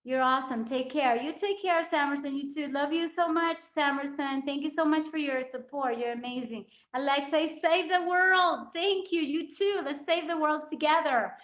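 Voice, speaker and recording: A woman's voice: high-pitched, moderate pace, hardly any pauses, a bit bright. A woman fitness coach chatting live with her viewers in an effusive, grateful way. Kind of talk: live-stream chat with viewers. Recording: echoey room.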